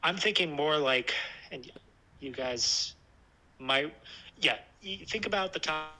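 A man casually talking about hiking with his dog, thoughtful and relaxed, with many fillers and restarts. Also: fairly high pitch, takes it slowly, rough recording. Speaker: hiker discussing a trip with his dog. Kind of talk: casual chat.

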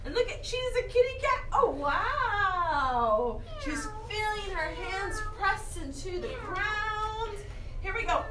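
High, slow, excited woman leading kids yoga. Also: distant mic, background noise. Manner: playful, excited cueing with many exclamations. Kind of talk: leading a children's yoga class. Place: yoga studio with children. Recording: roomy room with guitar music.

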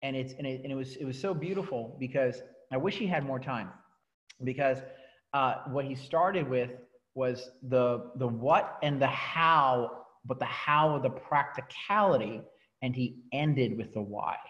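A man giving a motivational talk to a coaching team, telling his story in an animated way and often restarting his sentences. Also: mid-range voice, highs cut off. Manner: animated storytelling, repeats words and restarts, laughs at himself.

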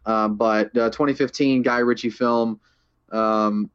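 A young man co-hosting a casual movie chat in an eager, tumbling way, often restarting his sentences and laughing easily. His voice sits at an ordinary middle pitch. The recording has a dull, slightly lo-fi quality. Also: steady tone, a little slow, clear, resonant tone. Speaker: podcast co-host.

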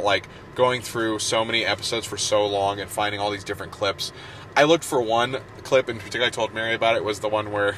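Bright-voiced joking male podcast host. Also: fairly low pitch, a little hiss or hum. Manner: joking, swears freely, animated. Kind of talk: casual podcast chat.

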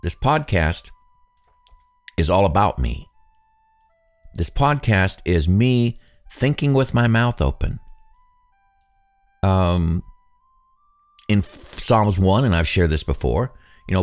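A man in his sixties hosts a reflective solo podcast, thinking aloud in a casual, self-deprecating way. His voice sits very low but moves through a wide, lively range. Faint music plays behind him. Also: slow pace, pauses often. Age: 60s. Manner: musing, conversational, self-deprecating. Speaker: podcast host.

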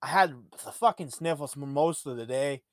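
A man from Ontario, Canada, hosts a podcast, loosely rambling through profane anecdotes in a casual solo monologue. His voice is on the high side and moderately paced, recorded cleanly in a studio with no echo.

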